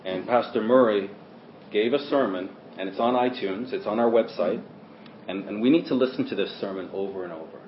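A man preaching a sermon in a church hall, who swings between loud stresses and quiet asides. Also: fairly low pitch, fairly quick, a little hiss or hum. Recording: roomy, dull lo-fi sermon recording.

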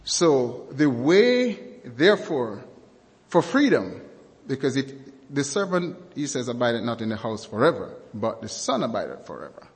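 A male preacher delivers a sermon at a measured, deliberate pace, leaning on key words and repeating them for weight. His voice sits at an ordinary middle pitch for a man. A long reverb trails each phrase, as if he is in a large hall. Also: big pitch swings.

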